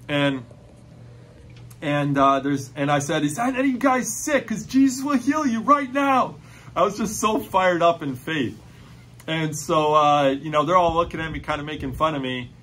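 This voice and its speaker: A man telling a personal faith testimony in an excited, storytelling way, full of "like" fillers. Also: on the high side.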